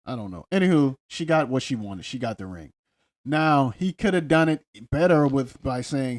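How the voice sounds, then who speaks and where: A man's voice: medium pitch, lively intonation, moderate pace. Laid-back man in casual podcast chat. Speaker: podcast co-host. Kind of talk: casual chat recapping reality TV.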